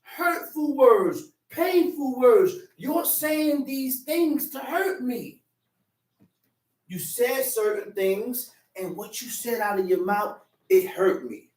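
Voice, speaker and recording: A man teaches scripture with a high, animated voice, acting out arguments and repeating lines for weight. He sounds set back from the mic in an echoey space. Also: slow pace, distant mic. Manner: animated, acts out quarrels with shouting; repeats phrases for emphasis. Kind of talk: street-corner Bible teaching.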